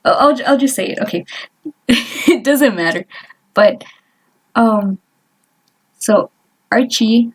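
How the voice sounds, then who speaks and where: A young woman vlogger chatting casually while she doodles, rambling and trailing off with lots of fillers and little laughs. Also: mid-range voice. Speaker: artist vlogger.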